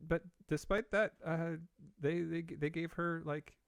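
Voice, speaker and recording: A man's voice: on the high side, steady tone, a little slow, creaky, clean tone, no echo. A man co-hosting a podcast, reading out news items with wry asides and frequent fillers in a casual studio chat. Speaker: podcast co-host.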